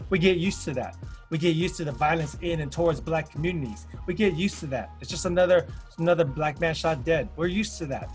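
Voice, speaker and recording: A man giving a presentation, speaking in rhythmic, repeated emphatic phrases and telling stories with acted-out quotes. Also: a little high. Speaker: panel presenter. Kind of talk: presentation talk.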